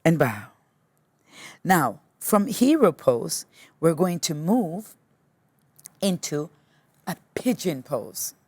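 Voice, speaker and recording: A woman teacher guiding a yoga class with patient, gently encouraging step-by-step cues. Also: low voice, very animated, dry recording. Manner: slow, patient step-by-step cueing. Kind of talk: guided yoga class instruction.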